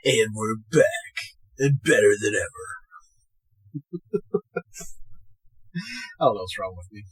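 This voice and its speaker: A man co-hosting a podcast in a casual chat, recapping a film in an animated way, acting out the characters' lines and swearing freely. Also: lowish voice, slow pace, slightly rough, soft background music. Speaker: podcast co-host.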